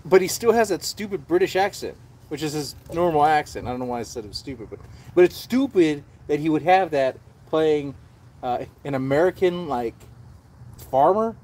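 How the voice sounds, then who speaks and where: A man's voice: on the high side, lively intonation, normal speed, a little mellow. A man hosting a casual livestream, rambling and swearing freely as he chats. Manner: rambling and profane, with frequent restarts. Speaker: livestream host.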